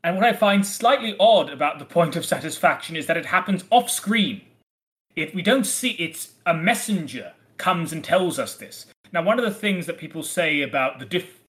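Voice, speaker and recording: A man co-hosting a podcast in casual discussion, animated and playfully acting out quoted lines. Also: fairly high pitch. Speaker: podcast co-host.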